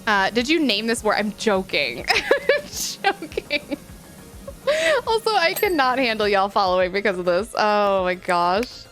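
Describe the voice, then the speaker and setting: A woman's voice: medium pitch, expressive, measured pace, fairly bright tone, faint music behind. A woman livestreaming a game, chatting frankly and playfully with her viewers and laughing often. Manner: chatty, talks to viewers as friends. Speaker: livestreamer reading chat. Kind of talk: casual gaming stream chat.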